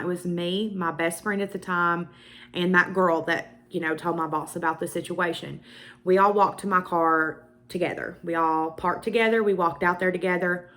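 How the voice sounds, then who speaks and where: Her pitch fairly low and her tone fairly bright, a young woman with a Southern US accent tells her viewers a personal story. She's a beauty vlogger, and the talk is casual storytelling to camera with emphatic asides.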